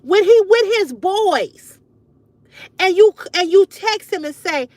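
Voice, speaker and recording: A woman's voice: very high voice, animated, slow pace, a little mellow, dry recording. A woman hosting a livestream, giving emphatic, frank advice to her viewers in casual chat and swearing freely. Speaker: livestream host.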